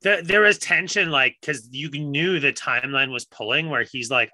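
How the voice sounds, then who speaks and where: Male podcast co-host, very bright tense tone, laid-back and reflective, dry sound. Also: fairly high pitch, moderate pace, few pauses, no room sound, rough recording. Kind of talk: casual chat.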